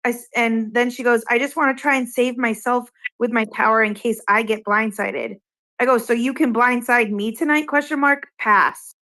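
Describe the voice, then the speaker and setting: A woman's voice: fairly high pitch, normal speed. Chatty woman from Massachusetts retelling a spat. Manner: animated retelling, quoting others, swearing. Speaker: online game player recounting an argument. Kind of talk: casual chat, storytelling.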